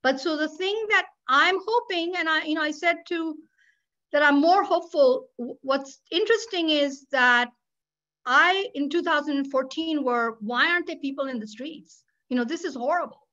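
A woman's voice: high-pitched, moderate pace, pushed and bright, dull audio. An older woman, a public interest lawyer, talking candidly and animatedly on a webinar panel, with sarcastic asides. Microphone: video call.

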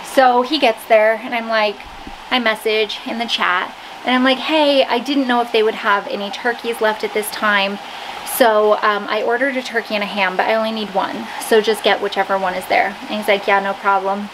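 A woman's voice: medium pitch, steady tone, moderate pace. Chatty self-deprecating woman vlogging at home. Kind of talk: casual vlog chat. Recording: noisy home recording.

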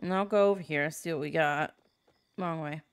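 A woman's voice: low voice, normal speed, smooth. A woman hosting a gameplay video, chatting casually and reading character dialogue aloud in her own voice.

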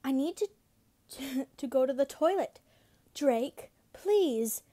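A gentle young man pleads quietly with his partner, unhurried and a little high. A woman voices him herself while reading a story aloud. His tone stays soft and close. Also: animated. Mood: pleading.

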